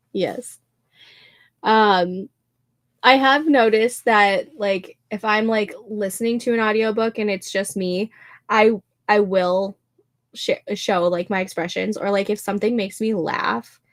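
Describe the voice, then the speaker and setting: A young woman hosting a writing livestream, chatting casually and laughing often as she reads out comments from viewers. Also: medium pitch. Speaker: livestream host.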